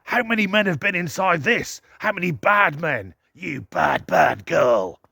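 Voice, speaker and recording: A man putting on a low, breathy, leering voice as a creepy male car pervert. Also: lively intonation, a little slow, bright, forceful tone, no echo, studio quality, heavily acted.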